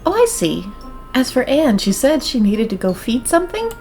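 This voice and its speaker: Woman doing a fussy gushy mom voice, high and breathy-soft, way up over her normal. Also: sing-song, normal speed, faint music behind. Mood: gushing.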